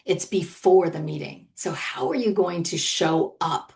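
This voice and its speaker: A middle-aged woman with a fairly low voice coaches listeners on leadership in a loose, conversational monologue. She is earnest and encouraging and keeps checking in with a quick "right?" as she goes. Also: darkish tone. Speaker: leadership coach and podcast host.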